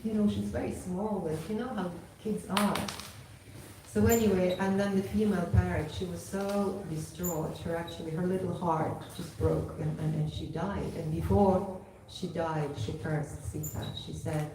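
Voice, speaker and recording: A woman's voice: on the low side, fairly even intonation, moderate pace, dark tone, slight background noise. A woman telling a devotional story at a temple gathering in a casual way, often saying "you know". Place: temple hall. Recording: echoey hall from far off.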